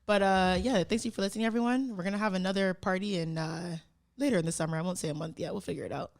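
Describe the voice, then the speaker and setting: A woman's voice: on the low side, fast talker, gravelly, darkish tone. A woman hosting a podcast, speaking in casual banter with a blunt, joking manner. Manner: blunt, joking, runs the outro. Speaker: podcast host.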